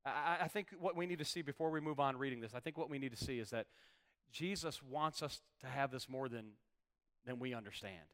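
A man's voice: medium pitch, fairly quick, a bit bright. A man preaching a sermon as pastor, reading scripture aloud and stressing key words with repetition. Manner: reads scripture, then preaches with rising intensity and repetition.

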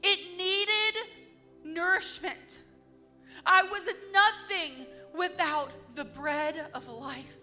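Woman, devotional testimony, earnest and emphatic, unhurried delivery, soft music behind. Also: extremely high pitch. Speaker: speaker giving a testimony.

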